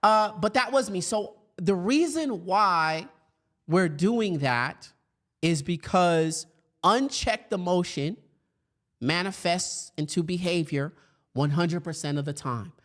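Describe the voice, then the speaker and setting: Man, 30s, host-speaker, storytelling talk, animated, jumps up high when acting out scenes. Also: takes it slowly. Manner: animated storyteller, acts out his younger self in a raised voice. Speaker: speaker for educators.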